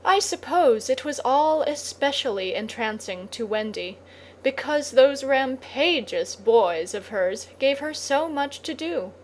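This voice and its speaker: Casting: a woman audiobook narrator, unhurried and gently wry, in a slightly high voice. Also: animated, slight background noise. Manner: measured, gently wry storytelling with asides to the listener. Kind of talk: storybook narration.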